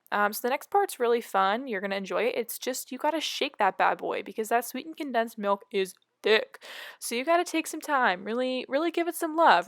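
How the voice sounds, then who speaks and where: A woman's voice: medium pitch, no room sound. Breezy young woman on dry voice-over. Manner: breezy and self-mocking, with frequent fillers. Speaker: vlogger. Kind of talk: casual voice-over narration.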